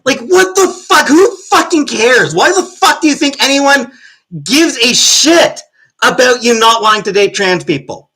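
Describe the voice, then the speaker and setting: A woman's voice: high voice, expressive, a little slow, a bit bright, poor audio. Profane, angry woman ranting live. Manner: mocking, exasperated. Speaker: livestreamer reading chat. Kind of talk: live-stream rant.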